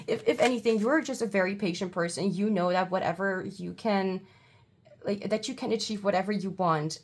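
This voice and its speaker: Halting woman reading tarot, low voice. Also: a little hiss or hum. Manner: halting, full of fillers and restarts; blunt, irritated outbursts. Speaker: tarot card reader. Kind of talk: casual pick-a-card tarot reading. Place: home, seated.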